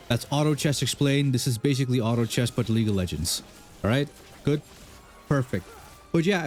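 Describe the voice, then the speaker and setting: A young man chats casually while streaming a game, rambling through questions with plenty of fillers and self-deprecating asides. His voice is medium-pitched with a darkish tone.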